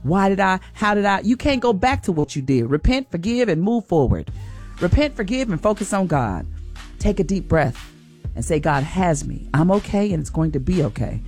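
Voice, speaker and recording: A woman hosting a morning radio show, giving a slow, soothing, encouraging faith talk. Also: on the low side, sing-song, a little mellow, faint music behind.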